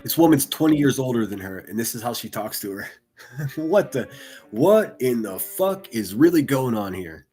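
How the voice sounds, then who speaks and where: A man streaming profane, mocking reaction commentary with a husky voice. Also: mid-range voice, sing-song, moderate pace, warm tone, faint music behind. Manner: mocking, ranting, heavy swearing.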